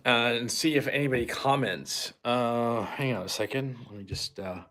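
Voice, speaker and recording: A man talking on his own live stream, hesitant and halting, pausing to check chat. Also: medium pitch, fairly bright tone, soft background music. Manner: hesitant, halting, full of pauses. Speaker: live streamer in a played clip. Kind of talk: casual solo live stream.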